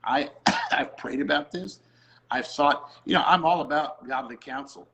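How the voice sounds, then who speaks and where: A middle-aged music producer chats casually about faith and music, telling a story and acting out the voices of the people he quotes. His voice is fairly high, creaky, pushed and bright, at normal speed, and the recording is low quality.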